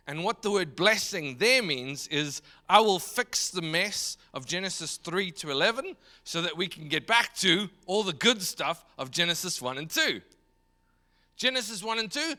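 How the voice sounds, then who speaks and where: A man teaching in a sermon style, emphatic and animated, slipping into voices for the figures he quotes. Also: high voice. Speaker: pastor. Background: speaking from home.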